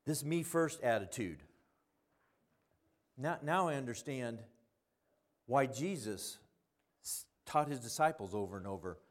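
A middle-aged man preaching a sermon, telling stories and swinging between quiet asides and loud emphasis. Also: medium pitch.

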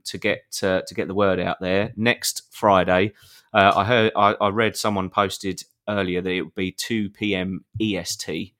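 A man's voice: lowish voice, fairly bright tone. A British man co-hosting a live podcast in loose, sweary banter, laughing often and joking with his co-host. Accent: British English. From Britain.

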